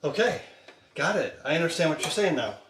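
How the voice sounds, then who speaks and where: A man's voice: on the high side, animated, brisk, far from the mic, a little hiss or hum. A man chatting casually while helping cook, easygoing and asking questions. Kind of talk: casual chat while cooking. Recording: echoey, off-mic, loud music.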